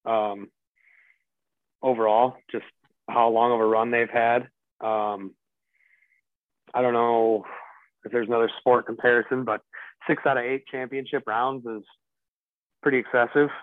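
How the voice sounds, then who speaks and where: A man's voice: mid-range voice, flat delivery, unhurried, pauses often, no echo. A man in casual sports chat who grumbles, swears and keeps restarting his thoughts. His mid-range voice comes through a tinny, phone-like line. The sound is dry, with no room around it. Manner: grumbling, profane, restarts often. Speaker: podcast co-host.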